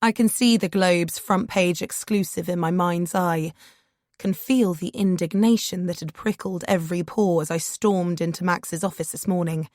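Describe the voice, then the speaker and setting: A woman's voice: fairly low pitch, normal speed, a little mellow, no room sound, clean studio sound. Woman reading a first-person audiobook. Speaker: audiobook narrator.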